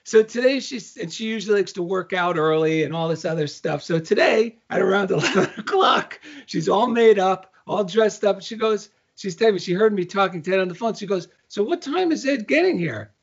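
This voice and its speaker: High-voiced animated male podcast host. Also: fairly quick, hardly any pauses. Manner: animated storyteller acting out quoted dialogue. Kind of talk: casual spiritual podcast chat. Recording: dull lo-fi sound.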